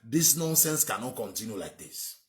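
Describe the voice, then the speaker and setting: Nigerian man, host, lively rising-and-falling delivery, repeats himself for emphasis, opinion piece. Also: medium pitch, moderate pace. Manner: emphatic, repetitive, rambling. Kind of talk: opinionated monologue.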